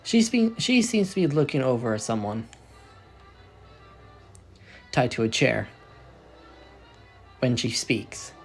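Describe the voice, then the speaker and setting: Animated rambling young storyteller. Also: male voice, medium pitch, takes it slowly, long pauses, slightly rough, faint music behind. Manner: rambling, self-correcting, animated. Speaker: fan fiction storyteller. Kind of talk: casual narrated fan story.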